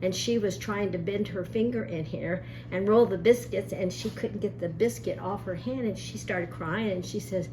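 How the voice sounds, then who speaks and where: With a mid-range, slightly mellow voice, a woman talks at a moderate pace with hardly any pauses. She hosts a relaxed, folksy cooking demo in her home kitchen and tells family stories along the way, over a little hiss or hum.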